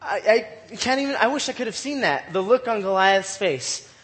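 A man teaching scripture in a relaxed, chatty way, reading verses and retelling them in everyday slang with frequent laughter. His voice sits notably high for a man. A long hall echo hangs behind every phrase. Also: moderate pace. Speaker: Bible study teacher. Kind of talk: casual Bible teaching.

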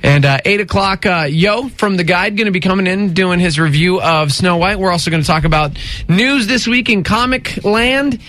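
A man's voice: sits high, normal speed, fairly bright tone. A man hosting a morning radio show, chatting casually in a wry, joking way.

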